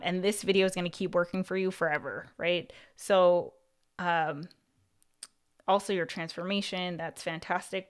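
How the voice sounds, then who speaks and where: Smooth-voiced woman giving casual coaching. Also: fairly low pitch. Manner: chatty, heavy on fillers like "like" and "you know"; restarts and repeats words mid-thought. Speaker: YouTube coach and livestream host. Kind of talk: casual livestream advice.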